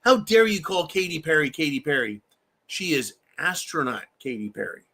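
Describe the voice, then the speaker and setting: A man doing a mocking impression of an indignant teenage girl climate activist, slow and scolding. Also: a little high, big pitch swings, bright, forceful tone, slightly rough, exaggerated voice.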